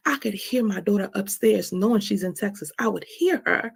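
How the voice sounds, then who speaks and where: A woman's voice: mid-range voice, normal speed, creaky, few pauses, slightly rough. A woman hosting her own stream, talking candidly and emotionally about forgiveness, with a frank, confessional way of speaking that repeats phrases and often asks "right?". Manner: frank, emotional, confessional, swears now and then. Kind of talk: candid personal talk on forgiveness.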